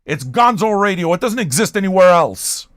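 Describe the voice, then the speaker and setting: A loud, excitable man rants his way through hosting a record-listening livestream, shouty, abrasive and full of swearing. His voice sits fairly high, and the sound is dry, with little room around it. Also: normal speed, no room sound. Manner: profane, excitable. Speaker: host of a record-listening show. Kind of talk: loud ranting livestream chat.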